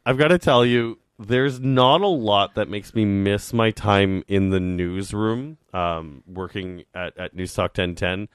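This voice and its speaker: Male co-host, lowish voice, earnest and measured, dry close mic. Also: clear, resonant tone, dry recording. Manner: earnest, thinks aloud with pauses. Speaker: podcast co-host. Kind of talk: casual chat.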